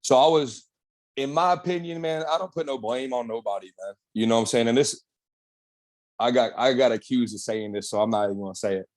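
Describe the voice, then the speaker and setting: A young bodybuilder being interviewed tells his story casually and candidly, laid-back, slangy and full of swearing. His mid-range voice has a darkish tone and moves fairly quickly.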